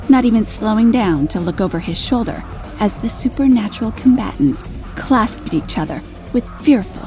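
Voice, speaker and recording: A woman narrating an erotic story in a slow, sultry reading, with faint music behind. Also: medium pitch, warm tone.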